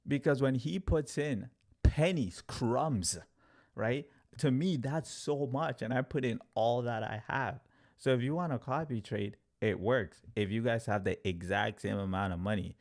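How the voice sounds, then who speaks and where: A man teaching crypto trading on a livestream, talking in an animated, story-driven way with lots of fillers. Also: mid-range voice, measured pace. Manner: animated storyteller, acts out quotes, filler-heavy "like". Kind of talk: livestream talk to viewers.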